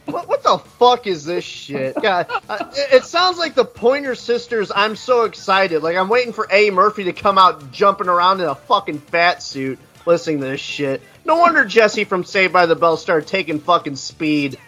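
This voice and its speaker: A man's voice: high voice, expressive, moderate pace, hardly any pauses, sharp tone. A man ranting crudely and mockingly while reviewing an album in casual podcast chat. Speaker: podcast co-host.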